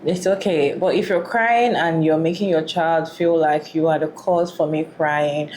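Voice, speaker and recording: A woman with a low voice gives casual reaction commentary. She is earnest and circles back to repeat her points. Faint noise hums behind her. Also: unhurried, a little mellow. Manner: earnest and repetitive. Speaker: reaction video creator.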